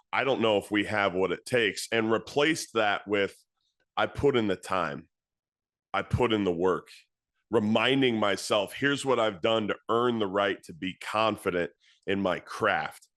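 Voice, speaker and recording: Man, coach, thirties, earnest storytelling, fairly low voice, dry close sound. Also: a bit bright, no room sound. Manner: earnest storytelling, repeats phrases for emphasis. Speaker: football coach. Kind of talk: motivational talk to coaches.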